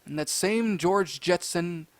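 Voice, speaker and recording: A man telling a casual storytime tale, animated and excitable, breaking into loud high outbursts. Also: slow.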